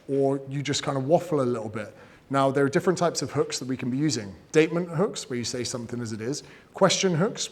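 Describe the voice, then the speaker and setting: A man giving casual, energetic advice on growing an audience, swearing freely and acting out what people say. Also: medium pitch. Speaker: fitness and business coach giving creator advice. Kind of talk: casual talk, teaching.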